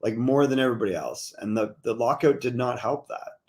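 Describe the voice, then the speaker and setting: A man hosting a hockey talk show in a relaxed, chatty way, reading out viewer comments and giving his views. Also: medium pitch, brisk. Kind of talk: casual sports talk.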